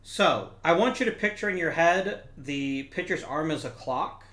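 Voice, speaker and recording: A man's voice: a little high, lively intonation, moderate pace, bright, forceful tone, roomy sound. A man hosting a gameplay video, explaining things casually and correcting himself as he thinks aloud. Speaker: gaming video host.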